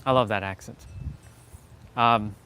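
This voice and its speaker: A man hosting a rambling motivational live stream, dropping to low murmurs and then pushing words out slowly and loudly for emphasis. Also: steady tone, a little hiss or hum. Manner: swings from low murmurs to loud, slow, drawn-out emphasis; laughs often, casual and self-aware.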